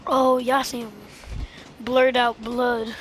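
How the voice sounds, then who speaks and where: A woman hosting a reaction video, talking loosely to her viewers with quick exclamations. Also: on the high side, little pitch movement, slight background noise. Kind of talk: casual reaction chat.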